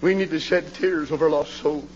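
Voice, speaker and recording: A male preacher delivering a fiery revival sermon in a church, swinging from hushed pleading to hollering. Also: fairly high pitch, fairly even intonation, normal speed, slight background noise. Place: church sanctuary. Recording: dull, reverberant old church recording.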